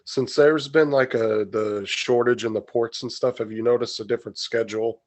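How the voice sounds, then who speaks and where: A man in casual conversation on a group video call, speaking in an easygoing, curious way. His voice sits in a plain middle pitch through the call mic. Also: fairly even intonation, normal speed.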